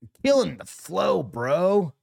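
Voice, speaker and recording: A man co-hosting a casual podcast, talking crudely with lots of swearing and quick asides. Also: high voice, very animated, creaky, darkish tone, no room sound, studio quality. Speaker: podcast co-host.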